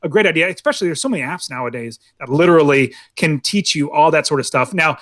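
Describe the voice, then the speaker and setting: Male podcast co-host, higher voice, rambling anecdotes, dry recording. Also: lively intonation, fast, a bit bright, no room sound. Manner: rambling storyteller, full of "like". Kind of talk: casual movie podcast chat.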